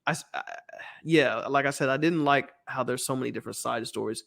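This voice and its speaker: A man's voice: medium pitch, fairly quick, gravelly, a bit bright. A man with a Southern American accent co-hosting a casual movie review podcast, rambling, laughing often and acting out scenes. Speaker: podcast co-host.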